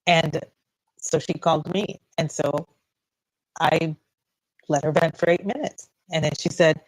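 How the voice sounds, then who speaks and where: A woman in her fifties co-hosts a casual radio chat show from a radio studio, speaking freely and bluntly and laughing often. Her low voice has a steady tone, a slightly slow pace, and frequent pauses. The audio is poor, with no room sound.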